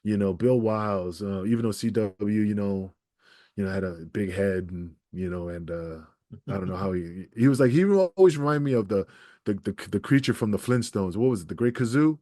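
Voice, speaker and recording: Gruff-voiced man telling a story. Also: on the low side, brisk, no echo, clean studio sound. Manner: profane, animated storyteller who acts out quoted people. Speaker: guest, former wrestler. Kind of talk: storytelling interview.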